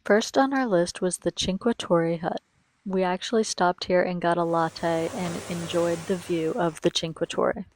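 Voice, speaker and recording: A woman's voice: fairly low pitch, steady tone, moderate pace, darkish tone, slight background noise. A young woman giving a chatty, enthusiastic voice-over for a travel vlog and talking straight to her viewers. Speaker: travel vlogger.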